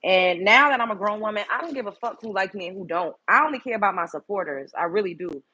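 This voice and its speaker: Hosting a relaxed livestream, a young woman from Brooklyn, New York speaks quickly at medium pitch, with a sharp tone, a breathy edge, and lively intonation. She's frank and direct, curses freely, and calls out viewers by name.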